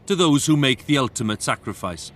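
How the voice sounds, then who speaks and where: A man from Wales narrating a history documentary in a measured, earnest way. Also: mid-range voice, lively intonation, fairly bright tone. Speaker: documentary presenter. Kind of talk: scripted narration. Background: background music.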